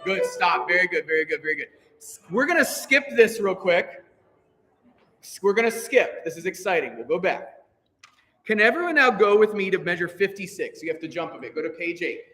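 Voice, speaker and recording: A man leading a choir rehearsal as conductor, energetic and encouraging, counting the singers in. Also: high-pitched, fairly quick. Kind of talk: rehearsal instruction. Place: rehearsal room with a piano. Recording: echoey hall with piano.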